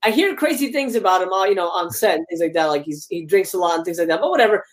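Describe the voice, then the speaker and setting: A woman's voice: fairly low pitch, lively intonation, fast. A woman guest on a casual movie talk stream who speaks bluntly and swears freely.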